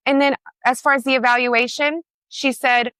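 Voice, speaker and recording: A woman tells her story with blunt, emotional emphasis and the odd swear word. Her voice is bright and forceful. The sound is close and dry, with no room in it. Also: high voice, fairly even intonation, normal speed, dry recording. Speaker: guest. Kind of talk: personal storytelling in conversation.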